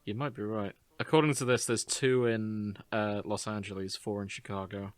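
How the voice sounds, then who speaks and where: A man's voice: lowish voice, level tone, moderate pace, dry recording. A man co-hosting a podcast, chatting casually with dry jokes and reading facts aloud. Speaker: podcast co-host. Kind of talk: casual chat.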